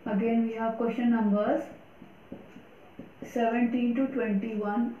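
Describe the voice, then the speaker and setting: A woman's voice: on the high side, mellow, dull audio, a little hiss or hum. Woman teaching grammar in an echoey room. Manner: slow, deliberate explanations with repetition. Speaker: English teacher. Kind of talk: recorded grammar lesson.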